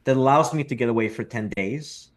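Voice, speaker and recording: A man's voice: mid-range voice, brisk. Reflective Russian-born man, guest talk. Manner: reflective, repeats words, dry joking. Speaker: guest, real estate investor. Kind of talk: casual interview talk.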